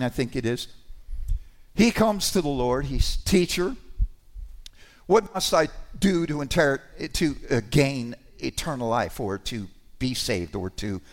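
A man preaching a sermon to his congregation, conversational and animated, with sudden emphatic rises. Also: on the high side.

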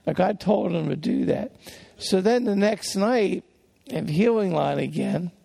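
A man's voice: high-pitched, animated, measured pace, gravelly, warm tone, husky. An older man preaching in a folksy storytelling way, with many restarts and fillers. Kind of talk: sermon-style teaching.

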